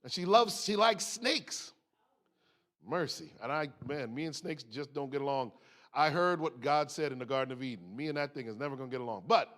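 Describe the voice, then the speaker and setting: A middle-aged man from the United States giving a talk on stress in a sermon, telling a personal story in an animated way with asides. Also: on the high side. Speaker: speaker.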